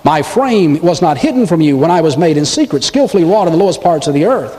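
Animated preacher man in a reverberant hall. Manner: animated preaching with big pitch swings and dramatic pauses. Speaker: pastor. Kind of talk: sermon.

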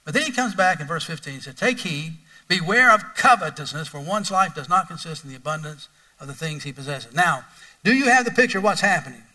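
Animated preacher man, bright and distant. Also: on the high side, fairly quick. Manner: animated, conversational, asks the congregation questions. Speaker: pastor. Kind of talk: sermon.

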